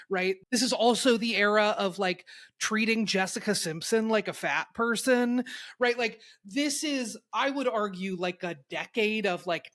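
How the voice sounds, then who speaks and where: A woman's voice: on the low side, fairly bright tone. A young woman talking as a guest on a podcast, thoughtful and analytical, often checking in with "right?". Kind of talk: casual conversational discussion.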